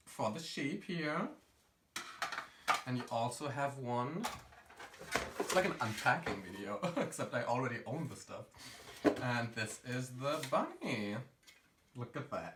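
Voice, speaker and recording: A man as a drag queen hosting a campy home cooking vlog, sassy and full of quips. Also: mid-range voice. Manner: sassy, campy quips, calls viewers honey. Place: home kitchen. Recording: echoey room, faint noise.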